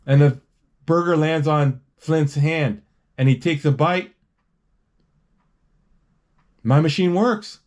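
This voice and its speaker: A man casually retelling a movie scene by scene, rambling with restarts and quick acted quotes. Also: fairly high pitch, steady tone, a little mellow.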